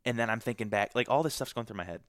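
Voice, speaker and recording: A man's voice: mid-range voice, rapid-fire, dry recording, clean studio sound. A man from Michigan, a podcast guest, telling a story in a casual, emotional way full of fillers.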